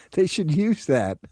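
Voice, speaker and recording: A man's voice: on the high side, dry recording. A man from New Jersey hosting sports radio, joking and riffing in casual talk. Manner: joking, animated, riffing with laughs.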